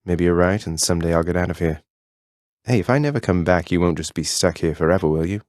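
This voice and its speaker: Zagreus, a man voicing a deep-voiced underworld prince. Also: quick pace, darkish tone, dry recording, clean studio sound, close to an everyday voice. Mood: wry. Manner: polite and earnest, wry with friends. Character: young male prince of the underworld, earnest and cheeky. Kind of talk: video game voice lines.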